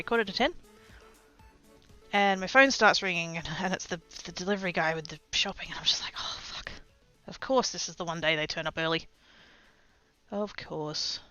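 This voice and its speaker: A woman's voice: fairly low pitch, bright, forceful tone. An Australian woman livestreaming, telling a story in rambling casual chat, swearing freely and poking fun at herself.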